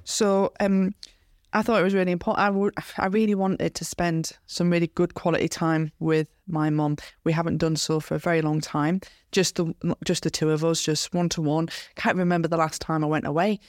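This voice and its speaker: A woman's voice: sits low, a little fast, few pauses, dry recording, studio quality. A woman in her thirties with a British accent, co-hosting a podcast in casual chat, giggly and eager to tell stories. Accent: British English. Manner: giggly, chatty, animated storytelling. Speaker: podcast co-host.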